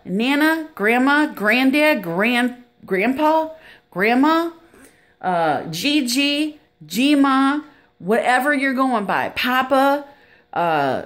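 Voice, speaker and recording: A middle-aged woman, a grandmother, giving earnest, preachy advice in a casual vlog. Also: mid-range voice. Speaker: grandmother vlogger.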